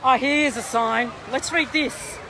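A woman's voice: high-pitched, slow. A woman livestreaming on a phone held in her hand at a busy waterfront. She rants in an indignant, exasperated way. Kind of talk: outdoor phone livestream rant. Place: busy outdoor waterfront and pool area. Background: faint crowd chatter and outdoor noise.

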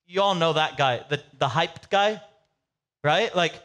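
Lively storytelling preacher, man. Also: a little high, unhurried. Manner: casual, animated storytelling with comic asides. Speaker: pastor. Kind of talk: sermon.

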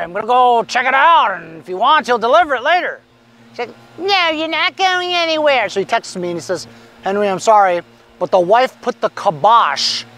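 A middle-aged man reselling lawn mowers, chatting casually and rambling with lots of fillers. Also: high voice. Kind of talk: casual chat.

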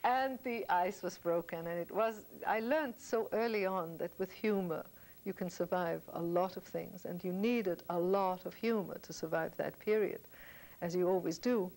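An older woman with a somewhat low voice, from German-speaking Europe, recounts memories between songs. Her telling is wry and anecdotal. She chuckles at her own stories as she goes. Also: normal speed, a little mellow, rough recording. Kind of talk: reminiscing storytelling.

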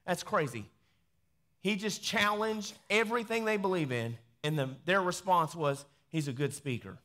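A pastor reading scripture aloud in a sermon, breaking off into quieter conversational asides. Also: male voice, high voice, normal speed. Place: church sanctuary.

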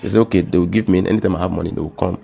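This guest, a young man with a Nigerian accent, shares his testimony in an easygoing conversation while faint music plays behind him. His very low, deep voice carries vocal fry, and he stumbles, repeats himself, and often fades into a soft, emotional hush.

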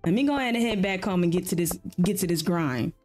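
A woman's voice: lowish voice, lively intonation, quick pace, darkish tone, soft background music. A woman streaming a farming game, chatting playfully and answering her viewers as she plays. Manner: playful, chatty, reacts aloud and answers chat. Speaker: gaming streamer. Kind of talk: casual live-stream chat while playing.

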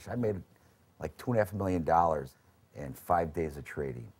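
A male trader telling a profane, animated story in a documentary interview. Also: low-pitched, normal speed, slightly rough.

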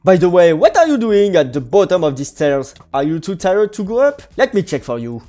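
A woman giving playful gameplay commentary, bubbly and quick to exclaim, giggle and hum little tunes. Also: lowish voice, sing-song, mellow. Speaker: gaming video creator.

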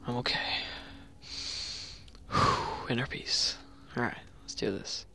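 A young man talks through a horror game in a casual, rambling way at an ordinary middle pitch. When something jumps out, he breaks into loud, panicked yelling. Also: steady tone, a little slow, vocal fry. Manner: chatty, jumpy, loud panicked yelling at scares. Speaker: gameplay commentator. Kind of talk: horror game let's play commentary.

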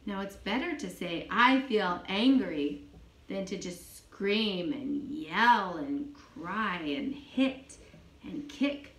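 Slow, patient woman teaching children. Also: medium pitch, expressive, fairly bright tone. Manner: slow, patient, repeats each phrase for a child to copy. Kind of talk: children's English lesson. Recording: echoey room.

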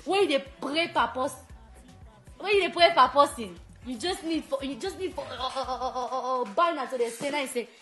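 A woman with a Sierra Leonean Krio-tinged accent telling comic stories in a casual way, animated, laughing often and repeating words as she goes. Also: high-pitched, normal speed, soft background music. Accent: Sierra Leonean Krio-tinged English. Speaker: show host telling stories.

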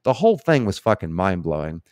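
A man's voice: sits low, big pitch swings, fairly quick, darkish tone, no room sound, clean studio sound. A middle-aged man hosting a live Q&A stream, rambling and emphatic with frequent swearing.

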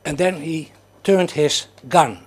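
Audience member, male, rambling and halting, slightly higher voice. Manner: halting, rambling, many fillers. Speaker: audience member asking a question. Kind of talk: rambling question from the floor. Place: lecture hall.

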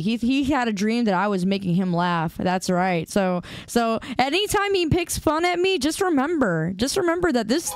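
Young woman streamer, bright higher register, playful mock-outrage at chat, close dry mic. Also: clean tone, dry recording. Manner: playful, teasing, mock-indignant banter with chat. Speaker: game streamer. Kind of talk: casual live-stream chat. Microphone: desk streaming mic with headphones.

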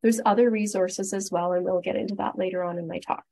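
A Canadian woman gives a webinar on breathing and stress, sounding upbeat and encouraging as she goes through each step. Her voice is a little breathy, and it comes through a computer mic on a video call. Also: medium pitch, fairly even intonation, fast talker, dark tone, low-quality recording. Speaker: guest speaker, respiratory therapist. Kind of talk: webinar presentation.

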